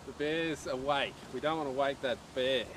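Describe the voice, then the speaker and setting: A man's voice: mid-range voice, fairly even intonation, normal speed. A man hosting a casual archery live stream outdoors, chatting, joking and reading viewer messages aloud. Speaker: archery livestream host. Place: outdoors at an archery range in wind. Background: wind noise.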